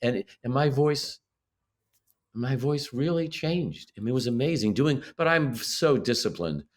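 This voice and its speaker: A man's voice: medium pitch, animated, unhurried. An older man from Illinois, a guest actor, telling stories in a casual interview with many restarts and self-corrections.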